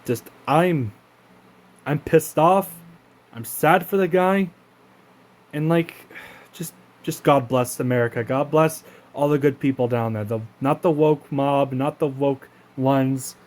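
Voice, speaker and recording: Speaking slowly in a mid-range voice, a Canadian man vents to camera on his own channel. The rant is casual, indignant and profane, with many halts and restarted sentences.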